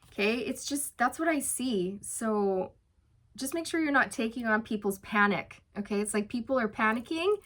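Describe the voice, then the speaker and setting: A woman giving a casual tarot reading. She is chatty and encouraging, uses many fillers, laughs lightly, and slows down for emphatic reassurances. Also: a little high, lively intonation, fairly bright tone. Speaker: tarot reader.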